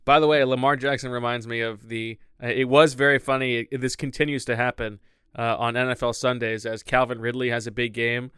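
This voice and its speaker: A man's voice: medium pitch, little pitch movement, fairly quick, fairly bright tone, smooth, no room sound. A man co-hosting a casual sports podcast, with a wry, dry sense of humor. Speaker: podcast co-host.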